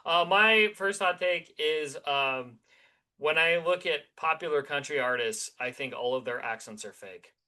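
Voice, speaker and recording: A man's voice: on the high side, a little slow, bright, forceful tone. A man co-hosting a podcast, chatting casually and rambling animatedly through his opinions with many restarts. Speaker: podcast co-host.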